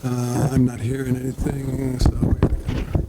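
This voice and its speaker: An author from Wisconsin, USA, tells stories casually to an audience, his medium-pitched voice completely flat and moderately paced. He rambles, interrupting himself and restarting sentences as he goes. The recording carries hall reverb and faint noise.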